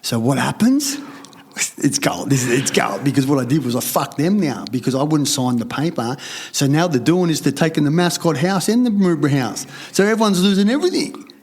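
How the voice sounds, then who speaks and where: This middle-aged Australian man from Sydney has a fairly high, slightly mellow voice, brisk and expressive. Appearing as a podcast guest, he tells a rambling, fired-up story, swearing heavily and impersonating others' lines.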